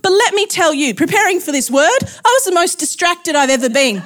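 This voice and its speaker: Woman preacher, high voice, chatty and self-deprecating. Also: animated, brisk, fairly bright tone. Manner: chatty, laughs often, self-deprecating asides. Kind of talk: sermon.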